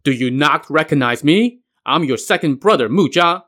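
A man voicing a stern young male Taoist who shouts rebukes, in a podcast myth retelling. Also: a little high, animated, normal speed. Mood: urgent.

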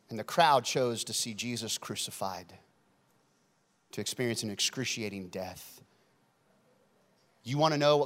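A man preaching a sermon as pastor, acting out stories with sudden shouts and then dropping soft. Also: medium pitch, lively intonation, moderate pace. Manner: dramatic, shouts and acts out stories, swings loud to soft. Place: large church hall. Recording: long hall reverb.

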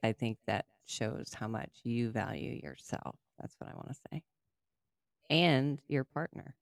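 A woman's voice: very deep voice, measured pace, creaky, dry recording, clean studio sound. A woman podcast co-host, supportive and affirming, reading the show's outro. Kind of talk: casual podcast chat and outro.

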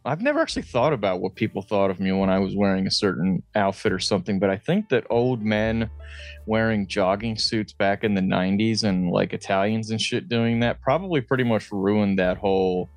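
Gravelly low-voiced man chatting. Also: fairly quick, no echo, soft background music. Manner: rambling, self-deprecating storytelling. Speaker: podcast co-host. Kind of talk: casual chat.

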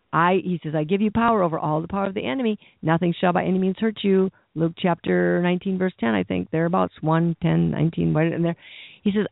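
A man's voice: sits high, creaky, no room sound. A man preaching a sermon in a conversational, rambling way, asking the listeners questions and adding asides. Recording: dry, narrow phone-like sound.

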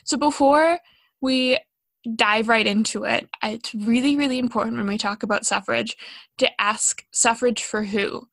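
A woman's voice: fairly high pitch, moderate pace, gravelly, a bit bright, dry recording. Chatty young woman, dry close mic. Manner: chatty, self-deprecating, with frequent ums and likes. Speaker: podcast co-host. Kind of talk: casual educational chat.

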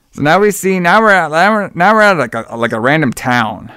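A man's voice: fairly high pitch, expressive, normal speed, sharp tone, clean tone, dry recording, studio quality. A man co-hosting a podcast in a casual movie-review chat, rambling, laughing often and swearing freely. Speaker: podcast co-host.

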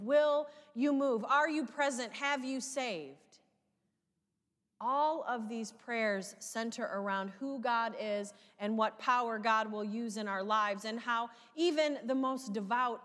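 A woman pastor delivers a sermon in a slow, measured voice that turns emphatic on its questions. Her words carry a long reverb from a large church sanctuary, at a middle pitch. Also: fairly bright tone.

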